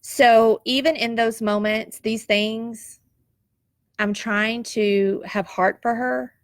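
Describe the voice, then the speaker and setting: A woman's voice: a little high, steady tone, slow pace, no echo, studio quality. A woman, telling a personal story in an emotional, heartfelt and reflective way, tearful at times. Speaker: nurse sharing a personal story.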